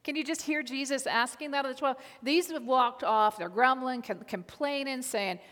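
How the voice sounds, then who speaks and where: A woman's voice: on the high side, normal speed, fairly bright tone. A woman preaching a sermon in an earnest manner, repeating key lines for emphasis. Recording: reverberant hall.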